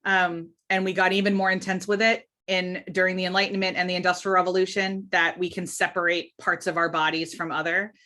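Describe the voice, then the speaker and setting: A woman's voice: lowish voice, flat delivery, brisk, hardly any pauses, bright, forceful tone. A woman talking as a podcast guest, emphatic and candid, often restarting her sentences in casual interview chat.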